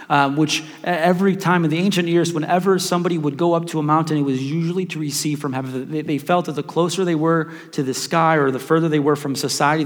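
A male pastor preaching a sermon, telling a story with playful asides and frequent restarts. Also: fairly high pitch. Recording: long hall reverb.

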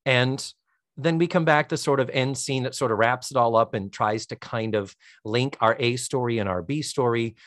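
A man's voice: mid-range voice, moderate pace, dry recording, clean studio sound. A man co-hosting a podcast, casually recapping a TV episode and playfully acting out the characters' lines. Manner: lively retelling, acting out quoted lines with laughs. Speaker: podcast co-host.

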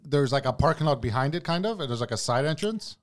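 Man, podcast co-host, rapid and lively, profane, says bro a lot. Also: a little high. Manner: fast, animated and profane, saying "bro" constantly. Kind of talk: casual chat.

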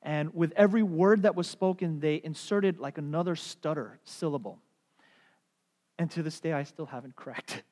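A middle-aged man preaching a sermon as a pastor, telling stories in an animated way and putting on playful voices. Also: fairly high pitch, moderate pace. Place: church sanctuary. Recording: long hall reverb.

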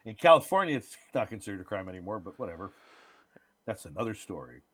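A man co-hosting a podcast, chatting casually about bad movies and telling stories with lots of swearing and dark jokes. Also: lowish voice, fast, breathy edge, dry recording. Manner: animated storyteller, swears freely, dark jokes. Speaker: podcast co-host. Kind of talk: casual movie-review chat.

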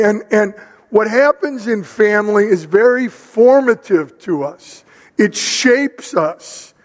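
An older man preaching a sermon, telling a family story in an animated, conversational way. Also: sits high, in a large hall. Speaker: pastor.

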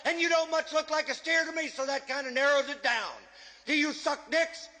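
An actor playing a brutal, foul-mouthed drill sergeant in a war film, barking insults at a recruit. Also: male voice, very high voice, fairly even intonation, moderate pace, sharp tone. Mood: barking abuse. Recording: film clip with long reverb.

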